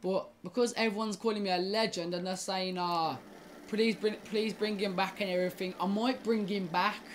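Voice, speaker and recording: A young woman chats casually to her audience while she plays. She stumbles and restarts sentences and curses at the game. Her voice sits at a middle pitch, with faint background noise. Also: steady tone, moderate pace. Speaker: gaming YouTuber. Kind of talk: casual gaming commentary.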